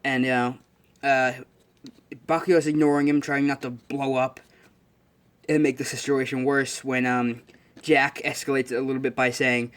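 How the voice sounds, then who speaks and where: A man's voice: mid-range voice, level tone, normal speed, long pauses, clear, resonant tone. Young man, casual storytelling, rambling, self-correcting, plenty of fillers. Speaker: fan storyteller. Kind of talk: casual recap of a fan story idea.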